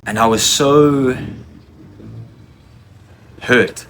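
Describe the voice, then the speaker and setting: A man telling a personal confessional story in an emotional, intense way, often halting and restarting his sentences. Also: medium pitch, a bit bright, slight background noise.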